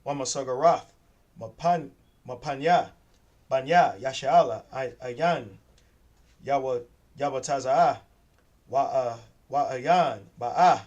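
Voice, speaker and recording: A man slowly reading scripture aloud in a church class, sounding out each word with hesitant restarts. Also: medium pitch, a little mellow, distant mic, dull audio. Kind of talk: halting read-aloud of scripture.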